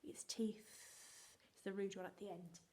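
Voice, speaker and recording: A woman's voice: medium pitch, little pitch movement, normal speed, dark tone, a little hiss or hum. A woman teaching a phonics lesson to young children, sounding out letters and often dropping to a whisper. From England. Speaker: primary school teacher.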